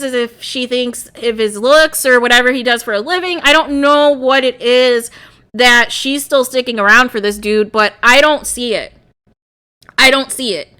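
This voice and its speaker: A young woman with a high voice reacts to a reality show, offering casual, lively commentary punctuated by exclamations and laughter.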